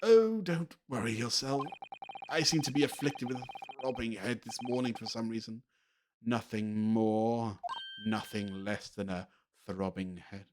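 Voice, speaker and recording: A man's voice: lowish voice, unhurried, noisy background, lightly acted. A man reading as a pompous British detective. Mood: grandiose. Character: pompous British male detective, theatrical and self-assured.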